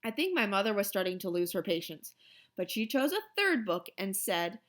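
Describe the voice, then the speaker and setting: This reader is a woman with a mid-range voice who moves at a moderate clip. She performs a children's novel aloud with lively, expressive narration.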